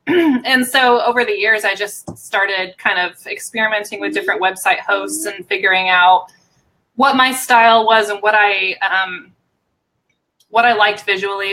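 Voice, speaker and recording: A woman as a guest in a casual live chat, easygoing with ums and some throat clearing. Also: mid-range voice, sharp tone, rough recording. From United States.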